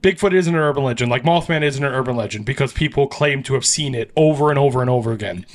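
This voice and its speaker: A fast-talking man with a mid-range voice hosts a podcast and spins an urban legend in a casual storytelling style. His delivery is animated, laced with swearing and frequent laughs.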